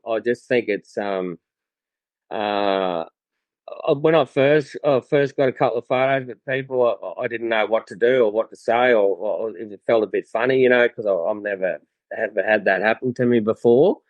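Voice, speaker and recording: An Australian man guesting on a podcast, telling stories in a relaxed way with many fillers and restarts. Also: mid-range voice, moderate pace, dry recording, phone-quality sound. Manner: laid-back storyteller, lots of fillers and restarts. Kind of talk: casual chat.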